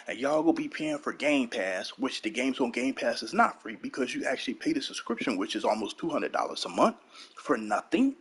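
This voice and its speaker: A man's voice: mid-range voice, very animated, fairly quick, fairly bright tone, husky. A man hosting his own gaming channel, ranting heatedly and profanely, repeating lines for emphasis.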